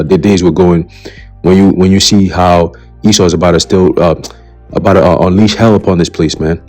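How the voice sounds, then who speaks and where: Low-voiced man ranting on his own channel. Blunt, profane, preachy, faint music underneath. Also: darkish tone. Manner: blunt, profane and heated, repeats "okay?" as a tag; preacherly, warns of coming doom. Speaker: commentary channel host. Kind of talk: ranting commentary on a list of news items.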